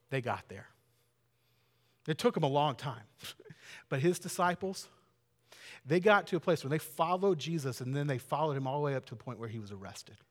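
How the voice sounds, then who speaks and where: A man preaching a sermon in a church sanctuary, talking conversationally and earnestly, building to loud emphatic peaks. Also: mid-range voice, big-room sound. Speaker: pastor.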